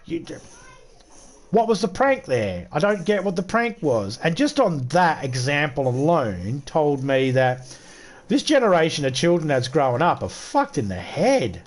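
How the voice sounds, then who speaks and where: A man's voice: fairly high pitch, sing-song, measured pace. Blunt Australian man ranting on stream. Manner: blunt, swearing, exasperated ranting. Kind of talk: casual rant while streaming.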